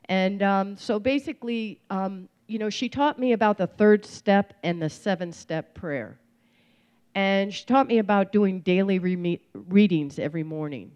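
A woman's voice: medium pitch, measured pace. A woman sharing her recovery story in a casual, rambling way, with lots of fillers and restarts. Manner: rambling, warm-humored, many fillers and restarts. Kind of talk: personal testimony, casual storytelling. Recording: slightly dull lo-fi recording.

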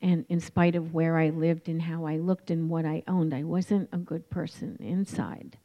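A woman's voice: low voice, flat delivery, normal speed. Woman candidly telling her recovery story. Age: 40s. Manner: candid and reflective, many ums. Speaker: recovery meeting speaker. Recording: dull lo-fi recording.

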